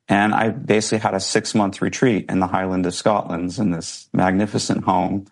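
A man's voice: low-pitched, flat delivery, normal speed, gravelly, few pauses. A man, a guest in an interview, telling a personal story earnestly and reflectively, with some emotion.

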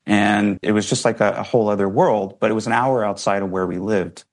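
A man's voice: lowish voice, fairly even intonation, fairly quick. A man, a guest in an interview, telling a personal story earnestly and reflectively, with some emotion.

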